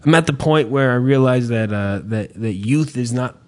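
Hosting a podcast chat, a man rambles through a story full of swearing, hesitation, repetition and restarts. He speaks at normal speed in a medium-pitched, darkish voice.

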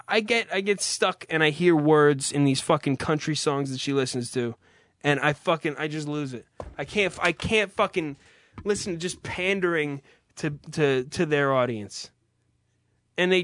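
Young male podcast host, bright, slightly high voice, dry close sound, profane irritated rant. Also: no echo.

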